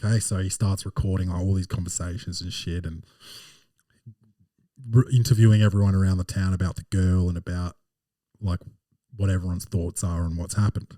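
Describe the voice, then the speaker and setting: Deep, dark-toned comedy podcast host, rambling profane rants, dry close sound. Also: male voice, flat delivery, a little fast, dry recording, distant mic. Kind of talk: casual podcast chat and movie review.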